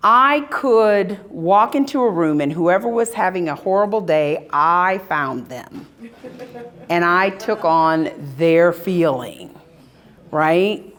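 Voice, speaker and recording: A woman giving a live spiritual talk to an audience at an expo, telling stories in an animated way and acting out scenes. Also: on the low side, slow. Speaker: spiritual workshop speaker. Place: expo hall.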